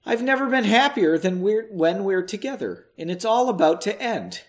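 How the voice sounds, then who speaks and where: A man's voice: high-pitched, very animated, moderate pace, pitched above the performer's own voice. A man voicing a frustrated young woman who argues in a raised, heated voice and then pleads with her lover. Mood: pleading.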